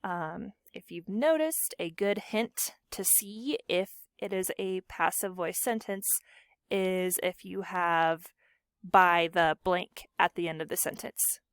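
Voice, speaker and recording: A woman's voice: on the low side, slow, no room sound, clean studio sound. A woman teacher walking her students through a grammar lesson, asking questions and answering them herself. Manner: clear explanatory teacher talk with questions to students.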